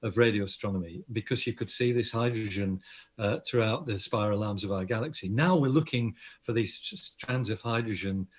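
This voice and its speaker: Fairly quick and lowish in tone, this older Australian man talks as an astronomer guest in an interview. He explains science enthusiastically, with many restarts along the way.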